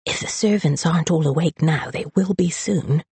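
A narrator voicing a sharp-tongued, impatient young woman who snaps and hisses her words. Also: mid-range voice, moderate pace, gravelly, slightly rough, no room sound, pitched above the performer's own voice. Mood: snappish. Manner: acid, snappish.

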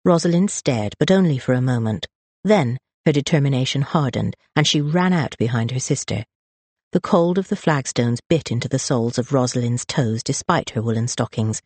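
Expressive audiobook narrator with a husky, breathy tone, dry close sound. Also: mid-range voice, moderate pace, no room sound. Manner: expressive, lively storytelling. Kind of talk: scripted narration.

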